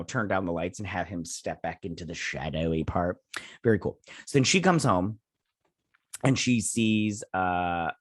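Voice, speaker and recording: A man's voice: lowish voice, a bit bright, dry recording. Man, casual recap host, chatty, offhand, dry close sound. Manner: retells scenes with quick offhand impressions; chatty with frequent fillers. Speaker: show host. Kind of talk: casual episode recap and review.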